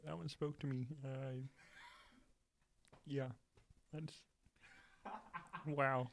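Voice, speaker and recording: A man chatting casually as a show guest, joking in a halting way with many ums and uhs. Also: mid-range voice, fairly even intonation, vocal fry. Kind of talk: casual chat. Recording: faint background noise.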